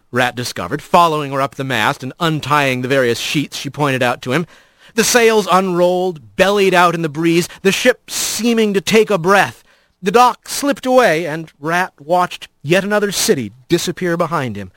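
A man narrating a storybook with an expressive, animated reading. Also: a little high, normal speed, no echo. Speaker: audiobook narrator.

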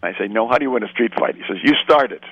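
A man's voice: lowish voice, fairly even intonation, very fast, a bit bright, slightly rough, dry recording, dull audio. An older man from Canada, a film director, telling rambling anecdotes in a radio interview and acting out the voices of the people in his stories.

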